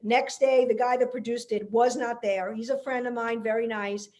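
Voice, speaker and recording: A woman comedian, telling a story in casual podcast chat, animated and chatty. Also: fairly high pitch, moderate pace.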